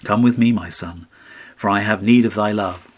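Man doing a ragged beggar mom, begging and sad, low voice. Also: moderate pace, natural voice. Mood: pleading. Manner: pleading, mournful. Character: poor ragged beggar woman, grieving mother.

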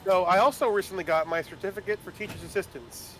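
A man's voice: sits high, quick pace, heavy background noise. A young man telling a long story to friends in casual chat, with lots of restarts. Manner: rambling, animated storytelling with restarts.

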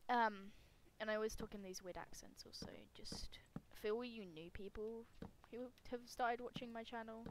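A young woman with a slightly hoarse voice talking casually over her gameplay at home, rambling and self-mocking, with sudden loud squeals. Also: fairly high pitch, steady tone, normal speed, few pauses, background noise. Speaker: gaming YouTuber.

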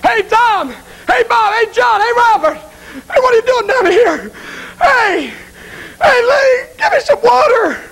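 A man voicing a damned soul in hell calling out frantically to a friend, crying and shouting. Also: very high voice, very animated, slow, vocal fry, voice pushed up, exaggerated voice, poor audio. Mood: frantic calling.

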